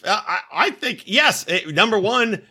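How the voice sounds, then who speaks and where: A man riffs crudely through podcast banter, loud and joking. His voice sits a little high and sounds bright and forceful, swinging widely in pitch. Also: animated, unhurried, breathy edge. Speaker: podcast co-host.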